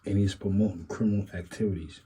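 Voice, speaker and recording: A man's voice: deep voice, steady tone, fast, warm tone, breathy edge, low-quality recording. A man hosting a casual commentary talk, rambling and musing, circling back with repeated asides. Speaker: commentary channel host.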